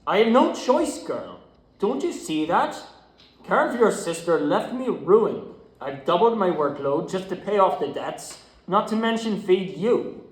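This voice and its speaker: A man reading the part of a gruff, worn-out working father, curt and dismissive, at a script read-through. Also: high voice, sing-song, unhurried. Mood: stern. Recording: roomy echo.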